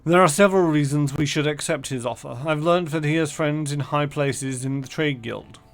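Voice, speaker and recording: A man's voice: a little high, moderate pace, natural voice. A man reading as an earnest royal advisor. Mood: urgent. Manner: dutiful, reading aloud.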